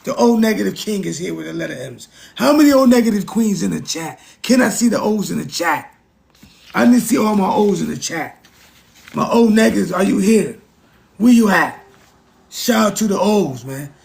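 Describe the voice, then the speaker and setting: A man's voice: high-pitched, lively intonation, moderate pace, creaky, a little mellow. A man hosting a casual livestream, talking to his chat in an emphatic, repetitive way. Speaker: livestream host.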